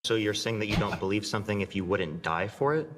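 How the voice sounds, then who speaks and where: A man questioning a speaker in a debate, probing quickly, recorded in a reverberant hall. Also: on the low side, expressive, crowd noise. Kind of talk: debate questioning from archive clip.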